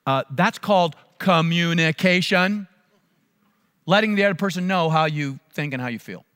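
A male pastor delivers a sermon in a high, bright voice. He tells stories with animation and acts out the voices of people in them. Long reverb from a large hall trails his words. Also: normal speed, clean tone.

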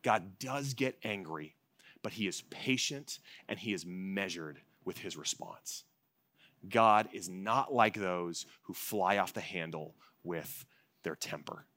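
A male pastor preaching a sermon at an evening church service, swinging between loud, emphatic repetition and soft, hushed passages. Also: deep voice, takes it slowly, dry recording.

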